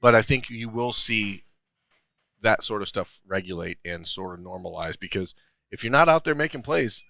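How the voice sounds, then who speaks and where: A man hosts a live sports podcast from a restaurant, keeping the talk joking and mock-serious. His voice sits low yet bright. He talks fast, and his pitch rises and falls a lot. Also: animated, vocal fry, no echo. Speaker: podcast host.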